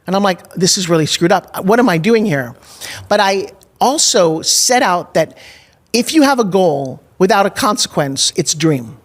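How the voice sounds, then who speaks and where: A woman's voice: on the low side, lively intonation, moderate pace. A middle-aged woman as a podcast guest, telling a personal story candidly and with emphasis, acting out her own past thoughts. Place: studio in Nashville.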